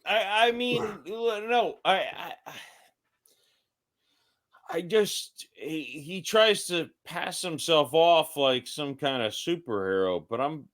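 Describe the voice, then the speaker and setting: A tipsy man co-hosting a podcast, ranting loudly and profanely in casual chat. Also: fairly high pitch, slow. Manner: loud, profane, animated ranting. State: tipsy from drinking. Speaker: podcast co-host.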